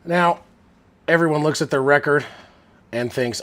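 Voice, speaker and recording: A man's voice: on the high side, a little slow, fairly bright tone. Chatty man live-streaming football. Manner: chatty, rambling, many fillers. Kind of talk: casual live-stream chat. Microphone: Bluetooth headset.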